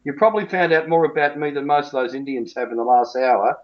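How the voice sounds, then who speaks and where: A man's voice: on the high side, steady tone, fast, dull audio. A man who coaches cricket, talking bluntly and emphatically in a colloquial interview.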